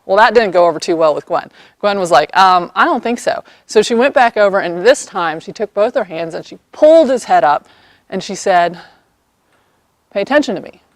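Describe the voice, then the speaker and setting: A woman equine therapy practitioner, an animated storyteller who acts out the people in her story, recorded outdoors by horses on a camera mic. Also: medium pitch, brisk, dry recording. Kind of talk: storytelling vlog.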